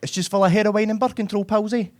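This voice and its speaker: A man doing a squeaky bakery lady. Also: steady tone, fast talker, darkish tone, lightly acted. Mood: chirpy. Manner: squeaky, sing-song falsetto. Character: cheery older Dundee bakery lady, chirpy.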